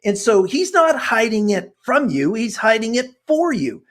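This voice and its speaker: A man in his sixties speaks with a fervent, preacherly earnestness as an interview guest. His voice sits high for a man. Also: big pitch swings, a little slow, fairly bright tone. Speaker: guest author and personality expert. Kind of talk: passionate interview talk.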